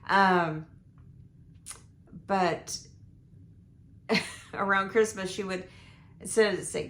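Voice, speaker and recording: An older woman, hoarse from losing her voice, rambling through a casual life update with lots of ums and restarts. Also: medium pitch, steady tone, a little slow, pauses often, fairly bright tone. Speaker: vlogger. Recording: echoey room.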